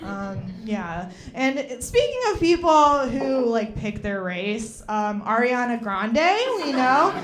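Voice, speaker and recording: A woman's voice: fairly high pitch, lively intonation, slow pace, few pauses. A young woman performing a stand-up comedy set, chatty and rambling, with lots of fillers.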